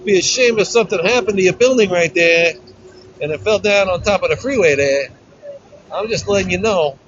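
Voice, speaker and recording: A man's voice: sits high, fairly quick, a bit bright, dull audio, a little hiss or hum. A man putting on an Italian-American New York mobster voice, politely threatening extortion. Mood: mock polite. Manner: menacing with mock politeness, sly threats. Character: smooth-talking male mob extortionist. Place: outdoor deck of a river ferry.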